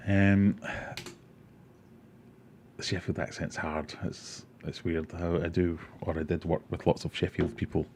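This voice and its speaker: A man's voice: low-pitched, fairly even intonation, a little slow, pauses often, darkish tone, slight background noise. A man hosting a casual livestream, rambling, joking and reading viewer comments aloud. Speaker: aquarium livestream host.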